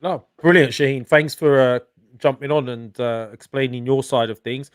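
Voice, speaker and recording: A man's voice: mid-range voice, steady tone, moderate pace, dry recording, clean studio sound. A man hosting a casual live-stream chat, upbeat and talkative with plenty of fillers. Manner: upbeat, chatty, many fillers. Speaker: channel host.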